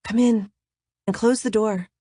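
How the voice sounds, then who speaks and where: A woman voicing a seductive, commanding woman who speaks in a breathy, sexy voice. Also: on the high side, steady tone, unhurried, dark tone, dry recording, clean studio sound, voice pushed up. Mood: sultry.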